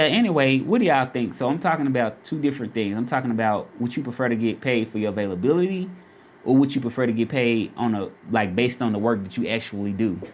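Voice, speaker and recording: A man's voice: medium pitch, slight background noise. A man from Memphis with a Southern accent, chatting casually on a livestream and repeating his questions to viewers. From Memphis, Tennessee. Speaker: vlogger and freelance Spanish interpreter.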